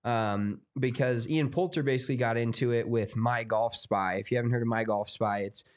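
An American man co-hosting a podcast in casual chat, relaxed and rambling with lots of fillers. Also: mid-range voice, normal speed, clean tone. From United States. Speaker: podcast co-host.

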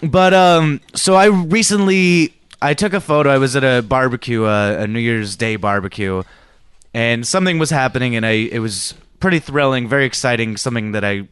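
Podcast co-host, male, smooth clear voice, rambling halting delivery, dry close studio sound. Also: medium pitch, fairly bright tone, dry recording. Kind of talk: casual chat. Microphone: studio mic.

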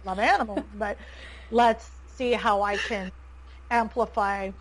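Canadian woman gabbing on a podcast, animated, says like constantly, mid-pitched. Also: measured pace, rough recording. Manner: animated, laughs often, says "like" a lot. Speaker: podcast guest. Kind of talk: casual chat.

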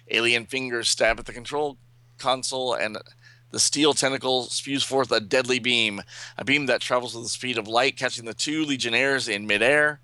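Bright-voiced man reading a comic aloud. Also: mid-range voice, dry recording. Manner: reads dialogue in quick, lightly acted voices, with asides. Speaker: comic book podcast host.

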